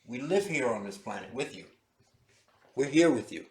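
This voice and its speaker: A man's voice: medium pitch, lively intonation, moderate pace, darkish tone, a little hiss or hum, lightly acted. A man voicing a curious gremlin spirit who questions pilots, in an earnest, plain tone. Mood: puzzled. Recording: echoey room.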